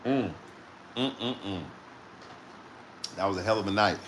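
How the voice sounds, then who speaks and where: A man's voice: fairly low pitch, unhurried, a bit bright, slight background noise. A man who drives trucks, telling a rambling story in casual talk, swearing often and laughing between lines.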